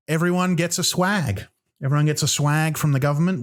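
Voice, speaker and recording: A man's voice: fairly high pitch, fairly quick. Profane, rambling man. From Australia. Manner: profane, rambling, with many ums and restarts. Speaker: comedy podcast host. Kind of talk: solo comedic rant.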